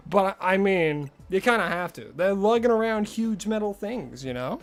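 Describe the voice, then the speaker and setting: A man's voice: high-pitched, lively intonation, normal speed, faint music behind. A man streaming a game live, chatting casually with his viewers and rambling through asides. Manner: chatty, answers chat messages, rambling asides.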